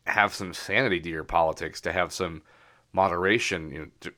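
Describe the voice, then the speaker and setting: A man with a low, deep voice and a bright, forceful tone talks loosely on a podcast. He rambles, fills gaps with "you know" and laughs easily. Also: fairly even intonation, fairly quick. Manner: rambling, laughs often, many fillers. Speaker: podcast co-host. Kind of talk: casual political chat.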